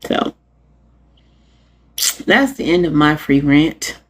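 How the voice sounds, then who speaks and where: A woman podcast host, talking to her live viewers in an animated, sarcastic way and laughing often. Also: low-pitched, slow pace. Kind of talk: live-streamed rant to viewers.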